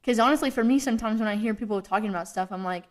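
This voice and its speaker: A woman's voice: on the high side, rapid-fire. A young woman hosting a faith podcast, talking in an earnest, rambling way with lots of fillers. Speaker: podcast host. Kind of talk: casual faith podcast chat.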